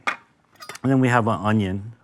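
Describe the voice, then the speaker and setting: This American man from Los Angeles speaks in a lowish voice at a measured pace while casually teaching cooking in his grill-equipped kitchen. He stays chatty and enthusiastic, tossing in many asides, with slight background noise present.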